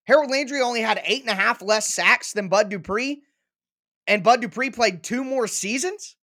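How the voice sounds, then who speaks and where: A man's voice: very high-pitched, moderate pace, pushed and bright. Emphatic man arguing sports opinions. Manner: emphatic, argues with repeated punchy lines and analogies. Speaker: sports show host.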